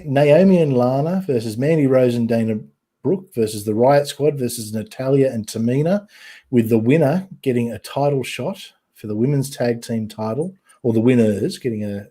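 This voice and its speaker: A man hosting a casual online chat show, rambling and halting with many ums and restarts. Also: medium pitch, mellow. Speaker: podcast host.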